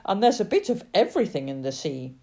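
A woman voicing a spirited old mother with a pirate's heart, who shouts with excitement. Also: fairly low pitch, fast talker, gravelly, exaggerated voice. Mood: exultant. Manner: shouting, exuberant.

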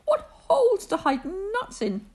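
A woman voicing an eager male squirrel in a bedtime story, high and excited. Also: unhurried, exaggerated voice.

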